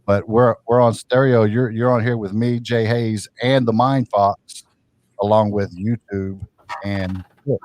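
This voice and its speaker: A man's voice: lowish voice, steady tone, a little slow, a little mellow. A man hosting a casual live-stream talk, often restarting and repeating his words. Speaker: host.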